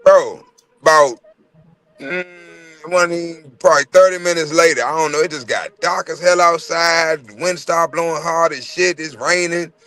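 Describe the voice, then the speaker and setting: Animated, bright-voiced man. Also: fairly high pitch, normal speed. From North Carolina. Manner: animated, profane, acts out quoted voices loudly. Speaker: podcast co-host. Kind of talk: casual storytelling chat. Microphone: livestream mic.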